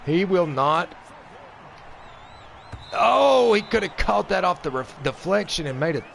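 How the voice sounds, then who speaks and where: A man hosting a sports video game channel, giving let's-play commentary in a mock play-by-play style. He vents and swings between flat grumbling and excited outbursts. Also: on the high side, normal speed, creaky, a little hiss or hum. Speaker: gaming channel host.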